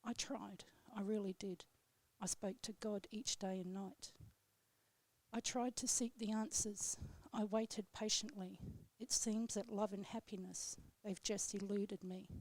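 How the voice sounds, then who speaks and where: A woman on live radio reading her own poem aloud in a steady, measured way, then chatting with the host. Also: medium pitch, dry recording. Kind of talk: poetry reading, then casual chat. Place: radio studio.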